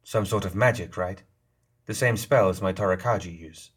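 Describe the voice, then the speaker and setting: Impatient, skeptical woman, read by a man in his own low, husky voice: blunt, pressing, doubtful. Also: moderate pace.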